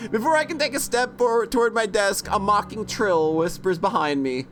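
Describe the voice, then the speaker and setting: A woman's voice: medium pitch, normal speed, hardly any pauses, soft background music. A woman playing through a game and reading its story aloud, giggling and swearing, with crow caws thrown in. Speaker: let's play host.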